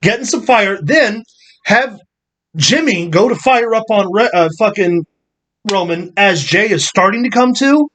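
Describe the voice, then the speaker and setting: Opinionated dude breaking down wrestling, swears a lot, kinda high voice. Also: male voice, lively intonation, measured pace, a bit bright. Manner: blunt, opinionated, swears casually. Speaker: podcast co-host. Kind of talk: casual wrestling review chat.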